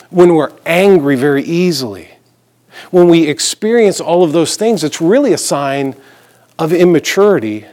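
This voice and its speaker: A middle-aged pastor delivers a sermon in a relaxed, conversational way, moving from scripture reading to everyday stories with light humor. His voice sits slightly high for a man.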